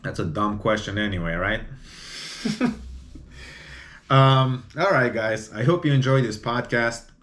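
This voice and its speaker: A man's voice: mid-range voice, moderate pace, few pauses, a bit bright. A man hosting a solo podcast, talking bluntly and opinionatedly, often tacking on "you know?". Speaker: podcast host.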